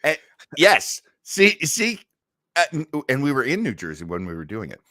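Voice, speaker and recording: A bright-voiced man co-hosting a casual podcast, his pitch rising and falling freely. He tells long, rambling stories full of restarts. The sound is dry and close to the mic. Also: wildly swooping pitch, moderate pace, dry recording. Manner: rambling storyteller with many restarts. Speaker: podcast co-host. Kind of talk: casual chat.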